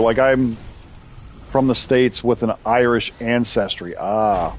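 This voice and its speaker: A man's voice: mid-range voice, slow pace, slight background noise. A man hosting a live game stream, chatting casually with viewers, rambling and laughing often as he reacts to their messages. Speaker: live-stream gamer host.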